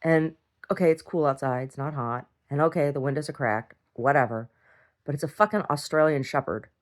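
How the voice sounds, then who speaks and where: A woman's voice: low voice, a little fast. A middle-aged woman talking casually in a video diary, blunt and swearing freely as she rambles from one complaint to the next. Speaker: video diarist.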